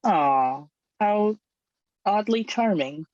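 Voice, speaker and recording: A woman's voice: medium pitch, expressive, drawn-out words, darkish tone, no room sound. A woman co-hosting a podcast, chatting casually and reacting sympathetically with short replies and laughs. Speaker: podcast co-host. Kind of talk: casual chat. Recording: dull, muffled dry line.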